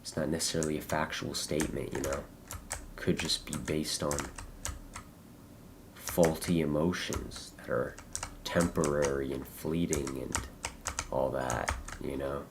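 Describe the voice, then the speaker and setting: A young American man streaming a game, talking in a loose, halting, rambling way full of fillers and restarts. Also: extremely low pitch, fairly even intonation, vocal fry, noisy background. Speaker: livestreamer. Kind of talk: casual rambling gameplay chat.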